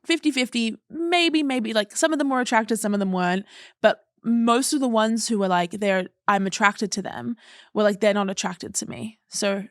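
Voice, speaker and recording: Australian woman podcast guest, young, lively explainer, mid pitch, dry close sound. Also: normal speed, no room sound. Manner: lively storyteller, explains studies in detail. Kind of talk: casual chat.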